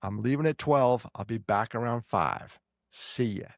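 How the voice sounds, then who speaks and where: A man with a New York accent, co-hosting a podcast and telling stories in casual, animated chat full of quick restarts. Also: medium pitch, dry recording, clean studio sound. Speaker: podcast co-host.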